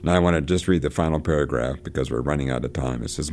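Extremely low-pitched and darkish in tone, a male radio host covering literature reads passages from a novel and discusses them in a halting manner, full of fillers and restarts.

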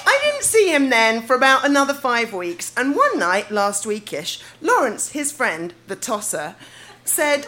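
A woman with a London accent reads her teenage diary to a live crowd, laughing as she goes. Her voice is high, bright and very lively, swinging up and down as she mocks her younger self. A faint hiss sits under it. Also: measured pace. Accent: London English. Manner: laughing through her lines, playful and self-mocking. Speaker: reader at a live show. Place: live venue stage.

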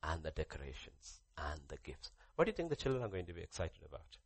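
A man's voice: low-pitched, sing-song, quick pace, no echo. A man preaching a sermon, repeating key phrases and putting questions to the congregation. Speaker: pastor.

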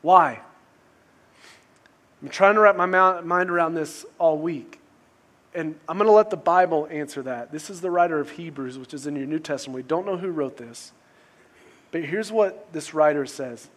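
A man's voice: a little high, moderate pace, a bit bright. A male pastor preaching a sermon in a casual, conversational way, often restarting phrases and asking rhetorical questions.

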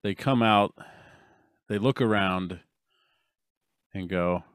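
A man with a low, slow, unhurried way of talking in casual podcast chat. He laughs as he goes, and the recording is dry and close. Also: clean tone, no room sound. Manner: unhurried, laughs through his answers. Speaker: podcast co-host.

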